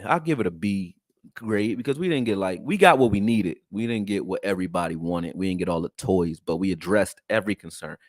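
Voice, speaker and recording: A man hosting a casual sports talk show, talking in slang and swinging from loud high exclamations to low mutters. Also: no echo, clean studio sound. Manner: slangy, conversational.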